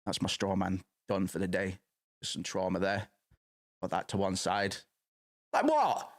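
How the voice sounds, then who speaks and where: A man's voice: deep voice, monotone, moderate pace. Rambling, sweary man in his thirties. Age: 30s. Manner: rambling and sweary, with frequent restarts. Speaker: streamer. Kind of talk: casual chat.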